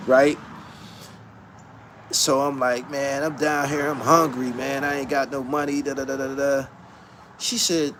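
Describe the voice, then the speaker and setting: A man's voice: a little slow, slight background noise. A man hosting a podcast, telling a story in a loose, profane way, often breaking into laughter. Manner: laughing, profane, swings from low mutter to high excited yelps. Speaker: podcast host.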